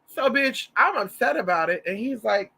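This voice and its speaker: A man chats straight to his audience and spins a dramatic, profane story with plenty of sass. His voice sits a little high for a man. The tone is strikingly bright and cutting. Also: lively intonation, moderate pace, creaky, slightly rough. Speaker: vlogger. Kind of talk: casual storytelling to viewers.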